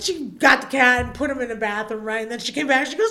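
A woman guest telling stories in casual chat, animated and laughing, acting out her own panicked quotes with loud high yelps. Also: fast, few pauses. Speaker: podcast guest, former feature dancer.

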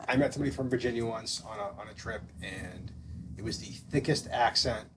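A man's voice: lowish voice, brisk. Man, Boston accent, podcast co-host, joking, self-mocking, noisy recording. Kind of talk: casual podcast chat.

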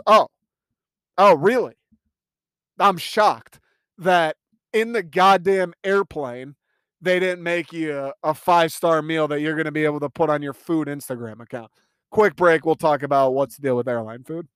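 A man's voice: fairly high pitch, a bit bright, clean tone, no echo. A young man hosting a casual solo podcast, ranting in a profane, incredulous, rambling way and laughing often. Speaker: podcast host.

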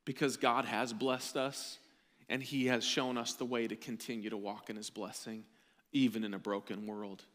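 A man preaching a sermon as a pastor, building intensity with emphatic slow repetition. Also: mid-range voice, flat delivery, a bit bright, long reverb tail. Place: church sanctuary.

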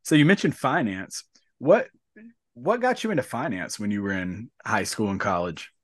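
A man's voice: on the low side, expressive, normal speed, no room sound. Man hosting a podcast, dry close sound. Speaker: podcast host. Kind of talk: casual interview chat.

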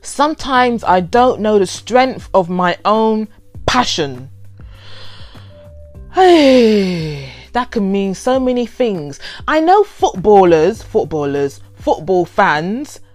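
A woman, casually reading out and reacting to overheard quotes, animated and given to laughing and playful drama. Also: medium pitch, takes it slowly, dry recording, soft background music. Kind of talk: casual chatty commentary.

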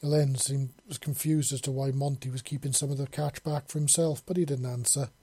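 A man reading a science-fiction story aloud as narrator, in an even, unhurried way. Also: medium pitch, breathy edge, no room sound. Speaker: audiobook narrator.

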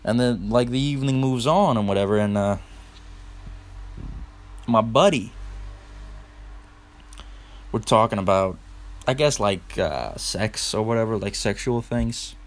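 Young male podcast host, slightly low voice, relaxed profane storytelling, lots of "dude". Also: measured pace, pauses often. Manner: loose and profane, heavy on "dude" and "like". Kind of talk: casual storytelling monologue.

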